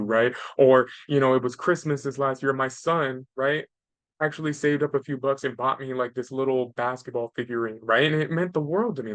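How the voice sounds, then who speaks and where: A man in his thirties hosts a podcast, offering casual parenting advice earnestly and tagging nearly every point with "right?". His voice is medium-pitched and fast, with no room sound.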